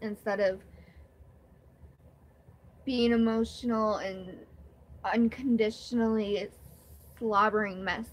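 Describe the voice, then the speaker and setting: A woman's voice: medium pitch, fairly even intonation, takes it slowly, pauses often. A young woman vlogger talking candidly in a rambling, emotional way during her first live stream. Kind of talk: casual live-stream chat.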